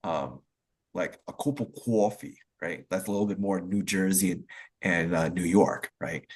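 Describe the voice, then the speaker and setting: Husky-voiced man explaining at length. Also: low voice, moderate pace. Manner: rambling, explanatory, heavy use of "like" and "um". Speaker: discussion participant. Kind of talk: casual online group discussion.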